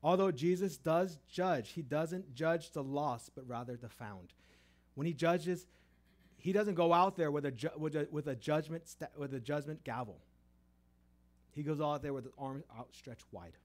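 A middle-aged man preaching a sermon. He tells stories with many restarts, rising loud for emphasis and dropping soft. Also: on the high side, moderate pace.

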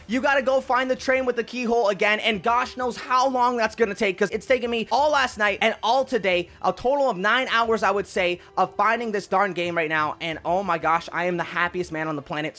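An excitable man narrating a game walkthrough, talking straight to his viewers. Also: sits high. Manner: excitable, addresses viewers as guys and ladies and gentlemen. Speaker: gaming video creator. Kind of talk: gameplay walkthrough commentary.

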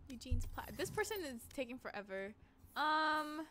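A woman's voice: sits high, animated, moderate pace, sharp tone, a little hiss or hum. A woman streaming a game, chatting casually in a playful, giggly, teasing way. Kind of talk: casual gaming stream chat.

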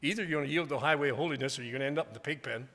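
A man preaching a revival sermon in a church, swinging from quiet asides to loud, emphatic declarations. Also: mid-range voice, very fast. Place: church sanctuary. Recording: long church hall reverb.

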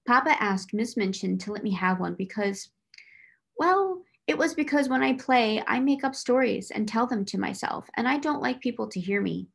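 A woman voicing an imaginative, confident little girl who explains things earnestly, in a slightly raised, gravelly voice. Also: on the high side, lively intonation, moderate pace, a bit bright, heavily acted.

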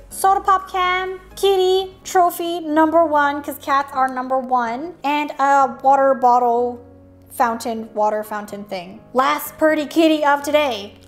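A woman's voice: high-pitched, fairly even intonation, measured pace, soft background music. A woman hosting a playful toy-unboxing video, sing-song and silly, sometimes dropping to a whisper.

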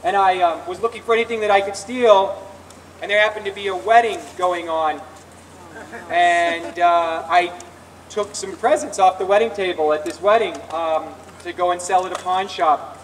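Picked up from afar with faint outdoor ambience and slight background noise, this man speaks at a recovery rally held in a public square. He talks at normal speed in a high voice with fairly even intonation. His personal testimony is earnest and confessional, and he keeps restarting sentences.

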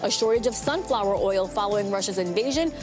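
A woman reading a news item in a clear, informative way. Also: medium pitch, expressive, quick pace, music in the background. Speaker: news anchor.

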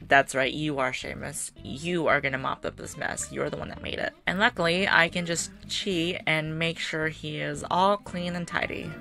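A woman chatting casually while playing a game, her voice hoarse and tired, rambling with fillers and laughs. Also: low-pitched, normal speed, bright, forceful tone, faint music behind. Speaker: gaming video creator. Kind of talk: casual gameplay commentary.

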